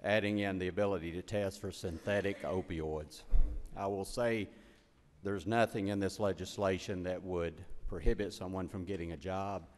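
A man's voice: low voice, steady tone, normal speed, slight background noise. A man, slightly out of breath, presenting a bill to a committee in a plain, matter-of-fact way. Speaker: state legislator presenting a bill. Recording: echoey hearing room.

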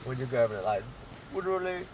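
A man's voice: mid-range voice, very animated, a little fast, background noise. A young man, swearing and teasing in casual banter as co-host. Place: inside a parked car.

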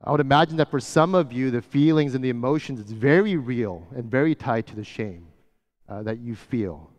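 Conversational pastor in a reverberant church. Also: male voice, mid-range voice, animated, normal speed, highs cut off. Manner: conversational, often drops to a soft hush. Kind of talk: sermon. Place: church sanctuary. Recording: church hall with long reverb.

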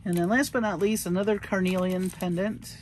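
A woman's voice: medium pitch, steady tone, fairly quick, darkish tone, a little hiss or hum. A woman showing her bead haul in a casual, gushing, chatty way. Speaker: crafting vlogger. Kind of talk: casual show-and-tell haul.

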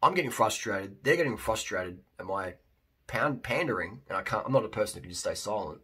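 A man's voice: lowish voice, expressive, fairly quick, bright, forceful tone, slightly rough. A man talking casually to camera as a fitness vlogger and coach, emphatic and blunt, with many restarts.

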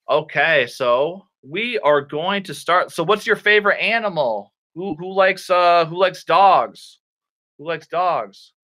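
Lively, bright-voiced man teaching kids. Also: a little high. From Michigan, USA. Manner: playful, exaggerated, makes silly sounds. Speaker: online English teacher. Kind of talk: animated kids' online class.

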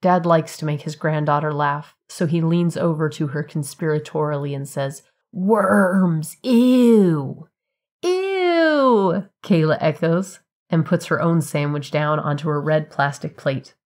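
A woman narrating a piece of fiction for a podcast in an even, measured storytelling voice. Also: low-pitched.

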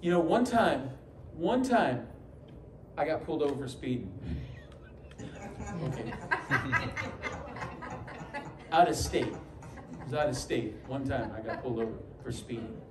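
A man's voice: medium pitch, expressive, a little slow, long pauses, crowd noise. A man from New York preaching a sermon as pastor, telling stories with humorous asides and acting out the voices he quotes. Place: church sanctuary. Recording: echoey church hall, mic from a distance, faint ambience.

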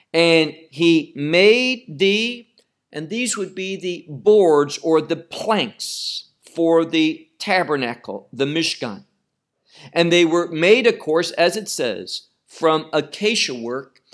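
A man teaching a Bible study lecture, speaking deliberately and repeating phrases for emphasis. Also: on the high side, a bit bright.

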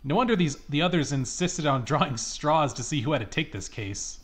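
A man's voice: fairly high pitch, animated, a little fast, fairly bright tone, soft background music. A man voicing an angry old woman in a video game who rants and accuses everyone. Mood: indignant. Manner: indignant ranting.

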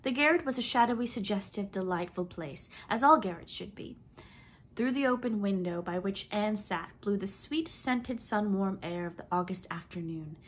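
A woman reading a classic novel aloud, with an expressive, lilting delivery and swelling emphasis. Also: medium pitch, normal speed, a little hiss or hum. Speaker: audiobook reader.

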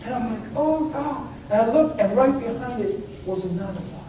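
A man preaching a sermon, telling personal stories in an animated way, moving from hushed asides to high exclamations. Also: brisk, a little hiss or hum. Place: church meeting hall. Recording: very echoey hall, voice from far off.

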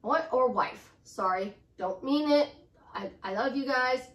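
A middle-aged woman coaches viewers in a casual motivational talk, cheerfully repeating affirmations and tossing in chatty asides. Her high voice keeps a measured pace, and the recording picks her up from afar in a roomy setting.

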